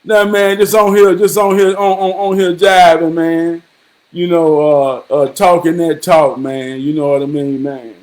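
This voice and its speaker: A man's voice: on the high side, level tone, measured pace. A man casually telling a story to his viewers in a rambling, repetitive and profane way, slipping into preachy advice. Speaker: vlogger.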